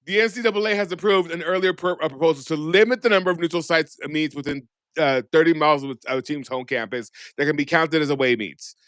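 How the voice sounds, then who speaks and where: A man's voice: on the high side, quick pace, few pauses, a bit bright, dry recording. Sassy, gossipy man in a dry room. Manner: sassy, gossipy, swears freely. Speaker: podcast co-host. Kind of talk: casual chat.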